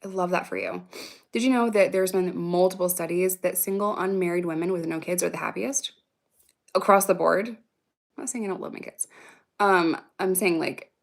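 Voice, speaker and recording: This vlogger, a woman in her thirties, chats casually on a livestream at a moderate pace, her low voice animated and creaky. She responds to viewer comments aloud, rambling, swearing, and laughing often.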